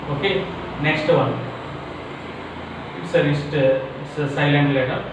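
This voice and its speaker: A man with an Indian English accent teaching pronunciation, saying each word over and over and often asking "is it clear?". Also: fairly high pitch, fairly even intonation. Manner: repeats words slowly and checks with "is it clear?". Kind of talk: classroom pronunciation lesson. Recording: echoey room, mic far off, faint hiss.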